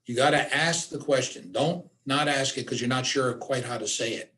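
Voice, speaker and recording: A man leads a training workshop in a plain, mid-pitched voice. He talks in a direct, emphatic way and repeats his key points. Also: normal speed, fairly bright tone. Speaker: suicide awareness trainer. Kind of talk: workshop presentation.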